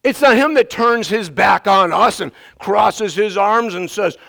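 A high-pitched man with a gravelly edge preaching a lively sermon in a church. He swings from quiet, almost muttered asides to loud, shouted bursts and runs short of breath. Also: measured pace, few pauses. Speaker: pastor. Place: church sanctuary.

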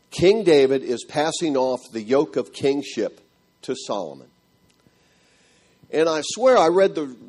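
A middle-aged man telling a church audience his marriage story in an animated, storytelling way. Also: mid-range voice. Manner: animated storytelling, acting out quotes. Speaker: speaker giving a marriage testimony.

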